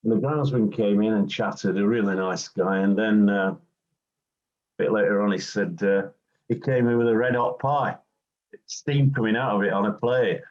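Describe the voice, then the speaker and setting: A man's voice: lowish voice, fairly even intonation, normal speed, darkish tone, muffled recording. An older English man, a former football referee, reminiscing in an interview and telling anecdotes with acted-out quotes.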